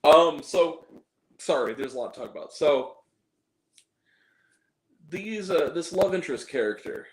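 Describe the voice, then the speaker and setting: A man's voice: fairly high pitch, lively intonation, unhurried, long pauses. A man giving a casual spoken movie review, rambling and sarcastic, with many asides. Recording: roomy echo.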